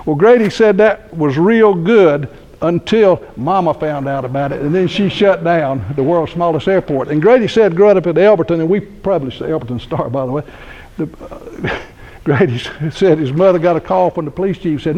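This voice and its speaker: A keynote speaker in his sixties from Georgia tells humorous, folksy stories at a university event in a lecture hall, often laughing at them himself. His somewhat high voice has lively intonation, a darkish tone, and normal speed, captured in dull audio.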